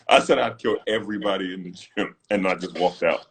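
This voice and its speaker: A British co-host with a deep voice and some vocal fry tells animated stories at a normal pace during an easygoing livestream chat. He used to play pro basketball, acts out quotes, laughs often, and is recorded on a phone streaming live.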